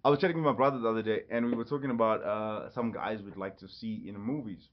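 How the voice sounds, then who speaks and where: A man hosting his own casual solo podcast, rambling and jumping quickly from topic to topic. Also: fairly low pitch. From Ireland. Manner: rambling, jumps between topics. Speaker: podcast host. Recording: slightly dull lo-fi audio.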